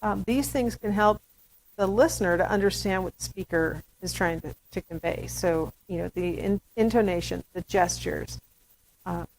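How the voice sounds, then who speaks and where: A woman's voice: medium pitch, moderate pace, creaky, slight background noise, rough recording. A woman giving a recorded lecture to students in a chatty style, with playful asides. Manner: acts out baby talk in demonstrations. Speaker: university lecturer.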